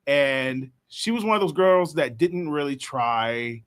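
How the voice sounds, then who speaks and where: A man's voice: on the high side, takes it slowly, clean tone. A man chatting casually as a podcast co-host, telling a story about his daughter and acting out the voices with lots of laughter. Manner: animated storyteller, acts out quotes, laughs often. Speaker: father.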